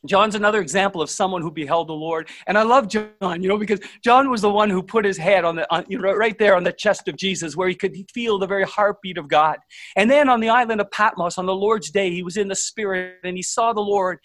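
A man's voice: high voice, fairly bright tone, no room sound. A man preaching a sermon earnestly, stumbling over restarts as he tells stories to his congregation. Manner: earnest, halting, many restarts.

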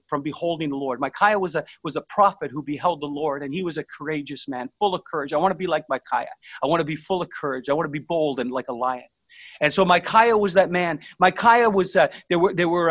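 High-pitched and a bit bright, his voice carries an earnest sermon in a dry recording. As he shares stories with the congregation, he halts and restarts many times.

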